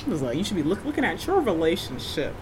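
A podcast co-host in a casual reality-TV recap chat, animated and quick to laugh, acting out what people said in exaggerated asides. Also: mid-range voice, a little hiss or hum.

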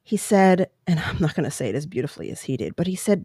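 A woman's voice: low-pitched, very animated, quick pace, few pauses, dark tone, husky, no echo, studio quality. A woman giving an impassioned, indignant opinion monologue, full of rhetorical questions.

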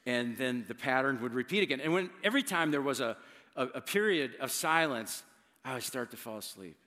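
Bright-voiced man preaching in a hall. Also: mid-range voice, animated. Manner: conversational, emphatic preaching with dramatic pauses and repeated words. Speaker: pastor. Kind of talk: sermon.

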